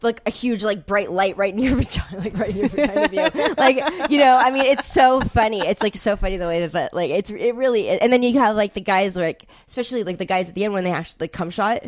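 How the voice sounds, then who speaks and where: A woman's voice: mid-range voice, quick pace, hardly any pauses, dry recording. A young adult woman, an interview guest, telling stories in casual chat, full of fillers and acted-out quotes. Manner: animated storytelling, heavy filler "like", acts out quotes.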